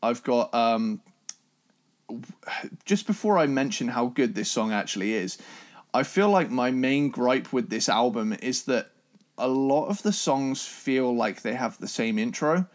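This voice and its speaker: Man co-host, easygoing album chat, excitable, loose and meandering delivery. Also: medium pitch, unhurried. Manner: enthusiastic, rambling with restarts and swearing. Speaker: podcast co-host. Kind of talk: casual music review chat.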